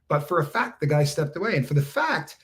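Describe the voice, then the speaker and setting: A man's voice: on the high side, sing-song, brisk, fairly bright tone. A man co-hosting a live stream, talking things through in a thoughtful, hesitant way with many fillers. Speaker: co-host. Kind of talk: reflective live-stream commentary.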